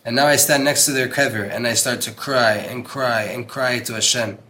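A religious teacher gives an earnest, emphatic Torah class, reading and translating a text with Hebrew terms woven in and repeating words for stress. His medium-pitched voice is steady, pushed and bright, at a moderate pace, with a little hiss or hum.

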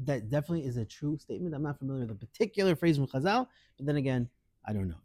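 A middle-aged man teaching a lively Torah class, acting out quoted voices and mixing Hebrew into English. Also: medium pitch, rapid-fire, dry recording.

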